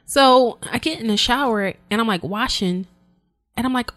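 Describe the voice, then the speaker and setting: A woman co-hosting a podcast in casual chat, explaining things at length with many fillers and laughing loudly. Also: fairly high pitch, normal speed. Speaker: podcast co-host.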